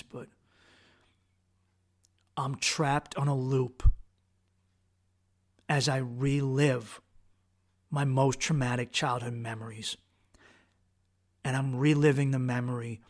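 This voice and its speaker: With a husky, mid-range voice, a man hosting a podcast relives a harrowing ordeal of his own. His telling is raw, intense, and full of profanity, with frequent restarts, in a personal storytelling monologue.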